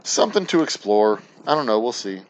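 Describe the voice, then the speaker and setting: A man's voice: medium pitch, big pitch swings, a little fast, slight background noise. A man hosting a casual livestream chat, rambling, profane and self-deprecating. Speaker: distillery show host.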